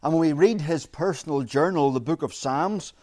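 A man preaching an expository sermon, measured and emphatic, repeating his key phrases. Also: a little high, mellow.

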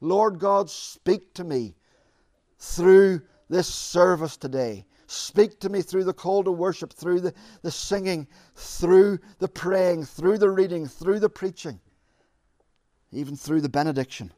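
A man's voice: sits high, measured pace, mellow, no echo, studio quality. A man preaching and then leading an earnest, emphatic prayer for his congregation.

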